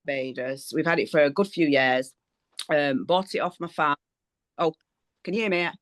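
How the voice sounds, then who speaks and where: A woman's voice: low voice, no echo. Hesitant woman caller on a dry line. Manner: hesitant, halting. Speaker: caller asking a question. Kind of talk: casual question on a call. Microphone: video call.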